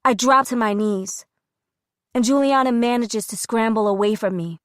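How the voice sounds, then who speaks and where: A woman narrating a thriller audiobook in the first person, steady and measured, on a close studio mic. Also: fairly high pitch, dry recording.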